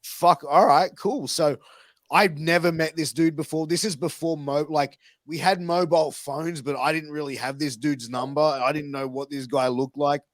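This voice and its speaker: Casual podcast host, man, higher pitch, rambling anecdotes, very dry sound. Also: steady tone, normal speed, no echo. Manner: swearing, rambling anecdotes with acted quotes. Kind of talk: casual storytelling.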